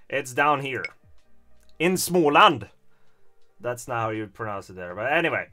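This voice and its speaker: A man's voice: mid-range voice, moderate pace, bright, forceful tone, faint music behind. A man from Stockholm with a Swedish accent, chatting casually as a streamer in a rambling, hesitant way with frequent chuckles. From Stockholm, Sweden. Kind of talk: casual livestream commentary.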